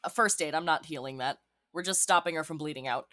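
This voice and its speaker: A woman's voice: deep voice, quick pace, sharp tone. Playful woman player at a tabletop game. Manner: playful, teasing. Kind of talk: tabletop role-play chat.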